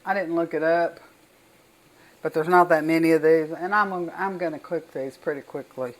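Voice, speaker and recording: A woman's voice: sits low, steady tone, normal speed, rough recording. An older woman with a Southern US accent, chatting folksily and enthusiastically while demonstrating home cooking in her kitchen.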